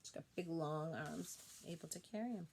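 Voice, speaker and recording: A woman reading a picture book aloud to children, expressive and pausing to point out the pictures. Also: sits low, gravelly, background noise. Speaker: storybook reader.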